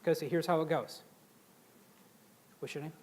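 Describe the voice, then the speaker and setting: Middle-aged guy running a leadership seminar, bit higher voice, lively and chatty, keeps asking the room stuff. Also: a little slow, a little hiss or hum. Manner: lively, engages the audience with frequent questions. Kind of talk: live seminar talk to an audience.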